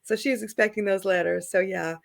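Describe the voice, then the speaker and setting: A woman's voice: mid-range voice, steady tone, brisk, creaky. A middle-aged woman, an author and traveler, telling stories in a casual interview, chatty and laughing often as she acts out the people she quotes.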